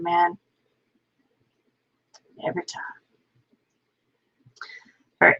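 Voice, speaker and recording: A woman's voice: medium pitch, measured pace, vocal fry. A woman hosting a live writing stream alone, rambling and poking fun at herself as she chats with viewers. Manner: rambling, self-mocking, talks to chat. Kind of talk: casual live-stream chat. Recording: slightly dull lo-fi stream audio.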